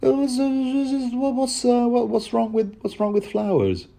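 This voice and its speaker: A man's voice: extremely high pitch, lively intonation, measured pace, gravelly, dark tone, pitched above the performer's own voice, exaggerated voice. A man voicing a feisty young wildling woman who teases and scolds. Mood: indignant. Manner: teasing, scolding.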